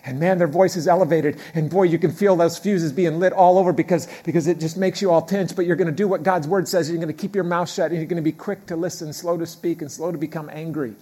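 A middle-aged pastor preaches in church, talking conversationally, going quiet and then building loud, and repeating key phrases. His voice is fairly high with fairly even intonation, and he talks fast with hardly any pauses.

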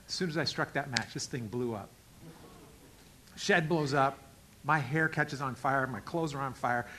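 A middle-aged male pastor telling a story in a sermon, acting out the dialogue and swinging from loud outbursts to quiet asides. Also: mid-range voice, unhurried, background noise. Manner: animated, acts out dialogue with big swings in loudness.

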